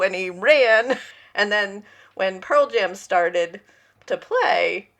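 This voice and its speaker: Taking her time in a fairly bright, mid-range voice, this podcast co-host in her forties tells stories during relaxed conversation. She slips into the voices of the people she describes.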